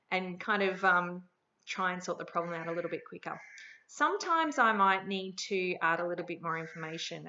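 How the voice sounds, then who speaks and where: A middle-aged Australian woman talks through parenting advice in an easy, conversational manner. Her voice has a bright, forward tone. The recording sounds a little dull and lo-fi. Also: mid-range voice. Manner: friendly, conversational, practical. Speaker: parenting educator. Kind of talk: promotional talk to camera.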